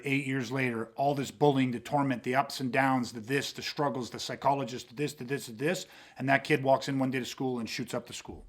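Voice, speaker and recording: A man hosting a podcast, talking with intensity, swearing freely and acting out quick street confrontations to make his point. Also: medium pitch, a bit bright. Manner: emphatic, swearing, acts out street exchanges. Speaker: host.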